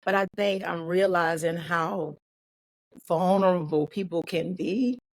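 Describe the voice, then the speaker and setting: A woman guest from Maryland telling a heartfelt personal story in an interview, emotional and close to tears, with quick earnest bursts. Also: lowish voice, dry recording. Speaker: guest, life and business coach.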